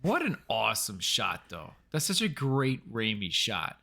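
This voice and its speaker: A man co-hosting a casual film review podcast, chiming in quickly with agreement and admiring remarks. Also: lowish voice, wildly swooping pitch, vocal fry, pushed and bright. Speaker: podcast co-host.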